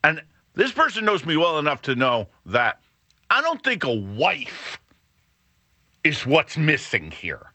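A man's voice: on the high side, huge pitch swings, slow, long pauses, pushed and bright, no room sound. A middle-aged man hosting a podcast, telling a rambling, self-deprecating story with many restarts. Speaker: podcast host. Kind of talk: casual monologue.

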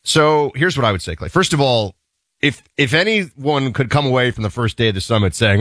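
A man co-hosting a talk show, giving casual, animated political commentary with wry asides and laughter. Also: medium pitch, normal speed, no echo, clean studio sound.

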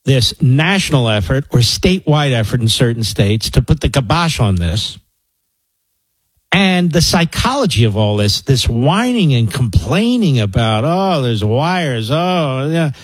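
Male call-in radio host, opinionated and emphatic, lively pitch, dry close mic. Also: unhurried, breathy edge, no room sound, low-quality recording. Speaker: radio talk show host. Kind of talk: talk radio, taking calls.

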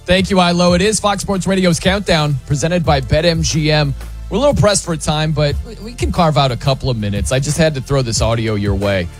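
A man's voice: fairly high pitch, a little fast, soft background music. Upbeat male sports radio host. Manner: energetic, banters with co-hosts.

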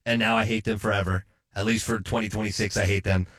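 A man's voice: fairly low pitch, flat delivery, fast talker, a bit bright. A man co-hosting a sports betting podcast, chatting casually in a rambling, self-deprecating way with frequent restarts.

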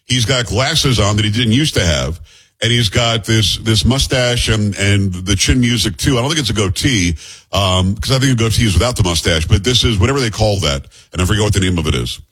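Blunt, sarcastic New York host. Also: male voice, fairly low pitch, lively intonation, brisk, fairly bright tone, breathy edge. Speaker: host commentator. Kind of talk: political commentary.

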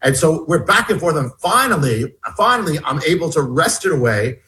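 A man's voice: on the high side, big pitch swings, moderate pace, pushed and bright, low-quality recording. A man, an author being interviewed, earnestly recounting a personal story with many restarts and repeated words. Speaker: author guest.

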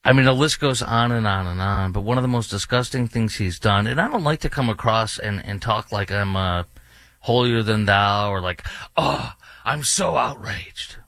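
A man's voice: on the low side, normal speed, fairly bright tone, no room sound. A man hosting a talk radio show, ranting indignantly with sarcastic asides. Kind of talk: opinionated radio commentary.

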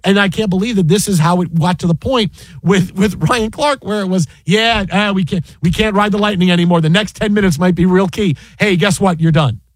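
High-voiced man telling an incredulous story. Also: brisk, no echo. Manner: excited, many restarts, incredulous. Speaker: sports broadcaster guest. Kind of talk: animated anecdote on a podcast.

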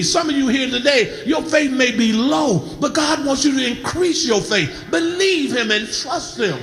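A middle-aged male pastor delivering an impassioned sermon, swinging from quiet storytelling to shouted calls for the congregation to respond. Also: very high-pitched, expressive, moderate pace, few pauses, slight background noise.

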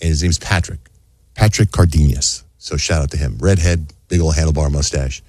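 A middle-aged man hosting a radio show, telling a story in a casual, animated way and acting out the people in it. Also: moderate pace, husky, no room sound. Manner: animated storyteller, acts out quotes in high voices.

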